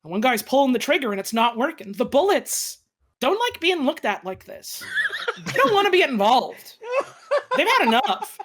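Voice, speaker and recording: A woman improvising a comedic story as a player, bursting into shouted character voices. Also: high voice, sing-song, moderate pace.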